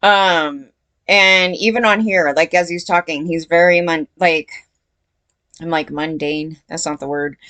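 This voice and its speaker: This commentary vlogger's fairly low, fairly bright voice stays steady and a little slow while she rambles to her viewers with fillers and restarts. She sounds questioning and unsure, often saying she doesn't know, and the audio is dry.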